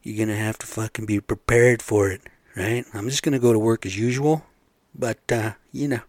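A man's voice: on the low side, steady tone, moderate pace, darkish tone, dry recording. A man hosting a casual vlog, rambling bluntly and swearing freely. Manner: rambling, blunt and profane, asks listeners "right?". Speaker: vlog host. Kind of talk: casual profane monologue.

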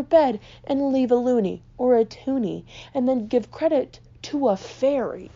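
Young woman host, higher voice with a gravelly fry, exasperated comic rant, dull lo-fi recording. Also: measured pace, few pauses. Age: young adult. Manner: exasperated, swearing, animated. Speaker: podcast host. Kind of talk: casual comedic rant.

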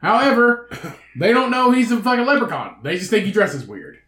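A man's voice: high voice, huge pitch swings, a little fast, fairly bright tone, roomy sound. A man co-hosting a podcast who riffs on a story with jokes and lots of swearing in casual chat. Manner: joking, riffing, profane. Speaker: podcast co-host.

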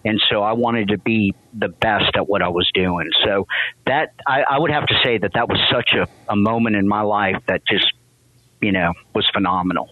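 Man, interview guest, emotional storytelling, halting restarts, tinny phone line, dry sound. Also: on the low side, no room sound. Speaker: guest, veteran and company president.

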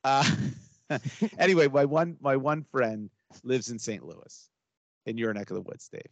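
Middle-aged male podcast co-host, mid pitch, rambling casual storyteller, dry close mic. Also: expressive, a little slow, no echo. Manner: rambling storyteller, many fillers and restarts.

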